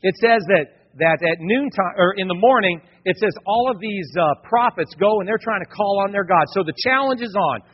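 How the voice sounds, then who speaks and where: A husky, fairly high-voiced man preaching a sermon, talking straight to his congregation and slipping in street slang. His voice rings with a long hall reverb, and the recording sounds dull and lo-fi. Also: moderate pace, hardly any pauses. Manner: lively preaching with casual slang and acted-out quotes. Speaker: pastor.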